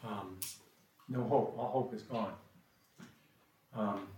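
A man's voice: on the low side, steady tone, slow pace, mellow, a little hiss or hum. A man preaching a sermon and reading scripture, often hesitating with repeated words and ums. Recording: echoey room from a distant mic.

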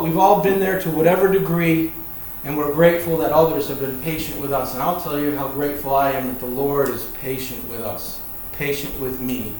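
Here a man's slightly high voice, with a Virginia accent, carries a Bible teaching sermon full of emphatic, folksy repetition of his main points. Slight background noise and a distant mic add to the very echoey room sound.

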